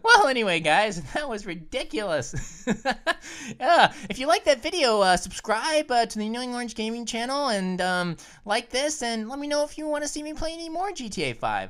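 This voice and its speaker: Giggly high-pitched woman gaming host. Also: big pitch swings, normal speed. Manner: giggly, playful, often shouting. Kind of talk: let's play commentary.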